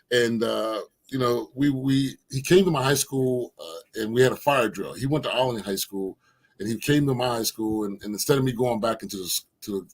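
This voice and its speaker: Older philly guy telling hoops stories, lively, voices the quotes, mid pitch. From Philadelphia, USA. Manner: animated storyteller who acts out quotes. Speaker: former basketball player, guest. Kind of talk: casual storytelling interview.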